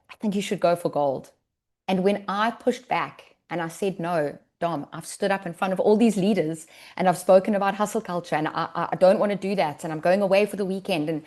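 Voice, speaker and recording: A woman's voice: lowish voice, darkish tone. A woman giving a heartfelt recognition speech on a business call, earnest and emotional, close to tears. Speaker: wellness business leader sharing her success.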